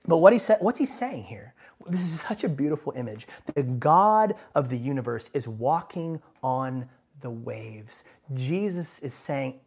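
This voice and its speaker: A man preaching a sermon with lively, emphatic delivery, moving from hushed asides to loud, driving lines. He talks to the congregation like a friend and keeps asking them to agree. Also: medium pitch. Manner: animated and emphatic, swinging from quiet asides to loud bursts; conversational, asks the congregation "right?". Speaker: pastor.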